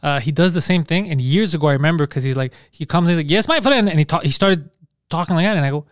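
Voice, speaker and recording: A man's voice: a little high, quick pace, no room sound, studio quality. A man in casual joking chat, teasing the others and slipping into mocking voices.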